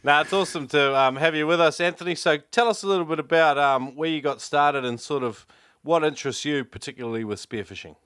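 A man from New Zealand hosting a podcast, talking in a relaxed, chatty way with lots of ums and restarts. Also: fairly high pitch, fast, clear, resonant tone, no room sound. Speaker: podcast host. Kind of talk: casual interview chat.

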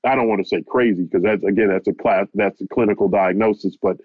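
Male reporter, animated storyteller, dull dry recording. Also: lowish voice, fast talker, slightly rough, dry recording. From United States. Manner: animated, keeps repeating "he said" while retelling. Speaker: boxing reporter, interview guest. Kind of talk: storytelling anecdote. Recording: muffled lo-fi, dry audio.

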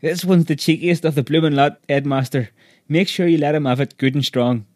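A shrill, screeching old shopkeeper woman, as a male storyteller puts her on, pitched well up and cackling with spite as she eggs the punishment on. The voice is high and piercing, and the room around it is close and dry. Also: fairly even intonation, brisk, a little mellow, no echo, natural voice. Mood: spiteful. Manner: gleeful, egging on.

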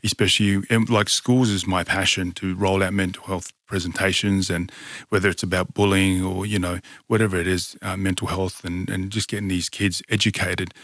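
A man's voice: low-pitched, flat delivery, moderate pace, a bit bright, no room sound, studio quality. A middle-aged man telling his story in a casual, earnest way, with many fillers and restarts. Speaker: podcast guest, fighter.

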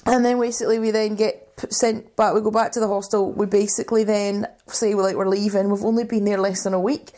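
A young woman co-hosting a podcast, telling lively anecdotes in casual chat. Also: mid-range voice, brisk, hardly any pauses. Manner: animated anecdote-telling with laughs. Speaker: podcast co-host.

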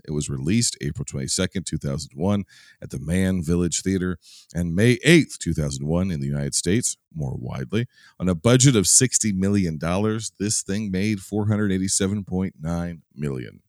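A man with a very low voice, hosting a relaxed podcast chat. He talks in a wry, chatty way with lively ups and downs, and his sound is dry and close. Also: moderate pace, no room sound. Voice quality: wry, chatty, swears casually. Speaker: podcast host. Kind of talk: casual chat.

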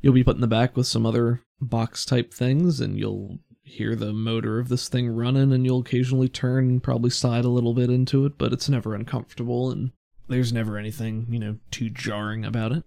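A man narrates a tabletop game as game master. His voice is gravelly and sits at an ordinary pitch. He talks in a relaxed, halting way, with lots of ums and restarts. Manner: relaxed, halting, full of fillers.

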